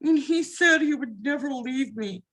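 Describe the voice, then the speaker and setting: An older woman telling her family's story as a guest, in slow, earnest testimony. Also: sits high, expressive, fairly bright tone, poor audio. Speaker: guest, mother. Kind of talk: emotional personal testimony.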